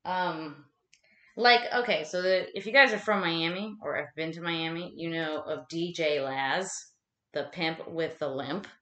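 Folding laundry at home on a casual chat stream, this live streamer talks chattily, curses freely and makes fun of herself. She speaks a little slowly in a low voice that sounds pushed and bright, with a roomy echo around her.

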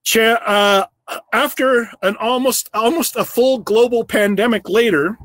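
A man with a rather high voice, recorded close and dry. He delivers a prepared speech in an earnest storytelling tone, slowing down to stress key phrases. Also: a bit bright, dry recording. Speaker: business owner giving an awards speech.

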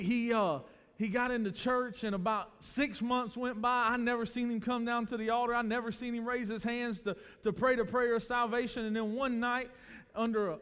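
High-voiced pastor in a hall. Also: male voice, a bit bright, clean tone. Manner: storytelling, conversational, quotes others in acted voices. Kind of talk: sermon. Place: church sanctuary. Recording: church hall with long reverb.

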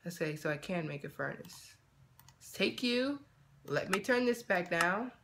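A man giving casual let's-play commentary, talking to himself in a chatty way with quick excited outbursts. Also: high voice, gravelly, noisy background. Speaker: gaming channel host.

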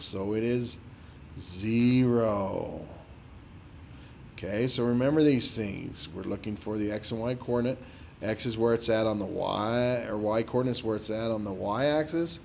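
A man's voice: mid-range voice, gravelly, darkish tone, slight background noise. A man playing a math teacher who walks a student through a problem, scolding and sarcastic about the student not paying attention. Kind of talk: dramatized tutoring walkthrough.

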